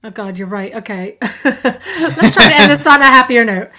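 A woman's voice: fairly high pitch, lively intonation, normal speed, a crowd in the background. A woman co-hosting a scripted book podcast, teasing her partner in a dry way. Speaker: podcast co-host.

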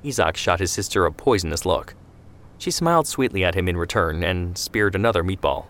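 A man's voice: low-pitched, expressive, fairly quick, a bit bright. Man narrating a history story. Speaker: storyteller and host. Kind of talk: scripted narration.

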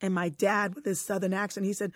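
A woman telling a personal story in casual conversation, animated and emotional, often restarting her sentences. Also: medium pitch, fast talker, dry recording, clean studio sound.

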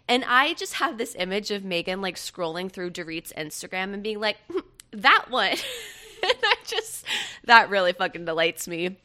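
Young woman, podcast host, bright tone, casual pop-culture chat, chatty. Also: mid-range voice. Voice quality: bright, chatty, laughs often.

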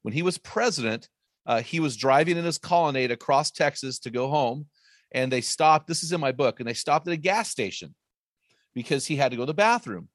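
A man, an author and guest, teaching on faith and marriage in an emphatic, preacherly way with quick asides. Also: medium pitch, lively intonation, dry recording, studio quality.

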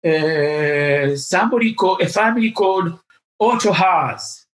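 A man voicing a confident, charming woman on the phone, polite and halting with little fillers. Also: high voice, voice pushed up. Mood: courteous.

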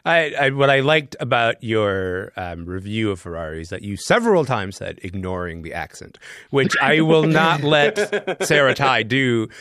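Guy hosting a film podcast, bouncy up and down pitch, teasing questions, dry close mic. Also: unhurried, few pauses, dry recording. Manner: animated, playful questioning. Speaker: host. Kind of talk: podcast discussion.

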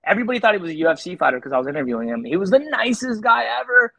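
A man, a street photographer on a podcast, telling lively stories in casual talk and jumping higher in pitch as he retells moments. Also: rapid-fire, gravelly, dry recording. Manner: animated, jumps to high pitch when retelling. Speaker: street photographer and interview guest. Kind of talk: casual storytelling.

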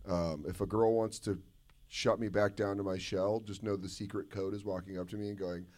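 A man's voice: fairly low pitch, fairly quick. A man, a comedian, telling self-mocking stories in profane live podcast banter on a stage before an audience. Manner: profane, self-mocking storytelling with animated put-on voices. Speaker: comedian guest.

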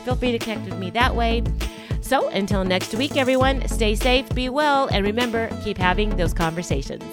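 A woman's voice: fairly high pitch, moderate pace. A woman hosting her own podcast in casual solo talk, gushing and exclamatory. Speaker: podcast host. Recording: music bed under the voice.

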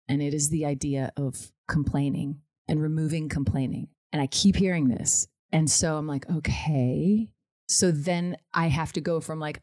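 Low-voiced chatty woman, dry sound. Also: darkish tone, dry recording. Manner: chatty, laughs often, acts out her own thoughts in quotes. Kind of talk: casual podcast chat.

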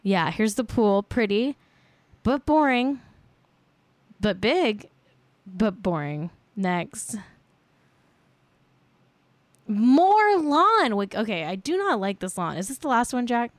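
A woman's voice: a little high, very animated, measured pace, hardly any pauses, no echo. A woman hosting a podcast in casual chat, sarcastic and blunt, swearing freely and filling her talk with "like". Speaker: podcast host.

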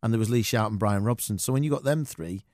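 Fast-talking man telling stories. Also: lowish voice, no echo, studio quality. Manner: animated anecdotes with quoted voices and laughter. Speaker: guest. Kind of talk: casual interview storytelling.

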